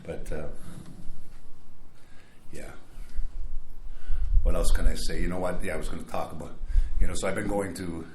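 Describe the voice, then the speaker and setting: Older man, rambling casual storytelling, wry asides, slightly low voice, roomy echo. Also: fairly even intonation, moderate pace, pauses often, a little mellow, slight background noise. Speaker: speaker at a recovery meeting. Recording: echoey room, faint background.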